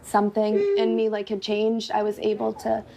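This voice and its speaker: This is a young woman from Massachusetts speaking openly in a documentary interview. Her voice sits at an ordinary pitch with a gravelly fry running through it. She talks casually, leaning on "like" as a filler. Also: monotone, moderate pace, a crowd in the background. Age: 20s. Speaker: interviewee in recovery. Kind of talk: candid interview.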